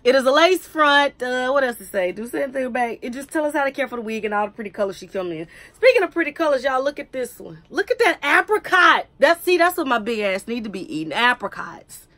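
A woman talks straight to her viewers in a wig review vlog. Her voice sits a little high, and she keeps things chatty, poking fun at herself as she goes. The sound is dry, with no room echo. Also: expressive, fast, hardly any pauses, a bit bright. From United States. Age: 30s. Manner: chatty, joking and self-teasing. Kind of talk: casual chat to camera.

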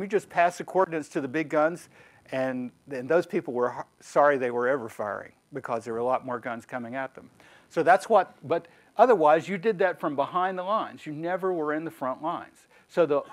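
A man giving a conversational history lecture with slides as a guest speaker, wry and digressive. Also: fairly high pitch. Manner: wry, digressive, lively storyteller.

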